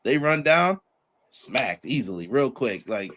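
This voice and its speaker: A man hosting a podcast, reviewing a wrestling show in a casual chat and acting out the wrestlers in quick put-on voices. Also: medium pitch, sing-song, fairly bright tone. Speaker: podcast host.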